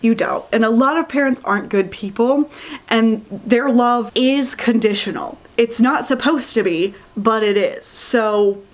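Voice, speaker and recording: Young female book reviewer, higher voice, relaxed rant, filler-heavy. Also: measured pace. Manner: chatty, lots of "like" fillers, laughs often.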